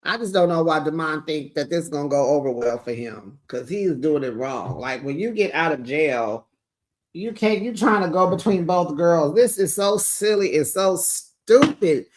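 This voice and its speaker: Woman, host, low-pitched, sassy, slangy, casual reality TV recap. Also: expressive, moderate pace, darkish tone. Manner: sassy, slangy, talks straight to viewers.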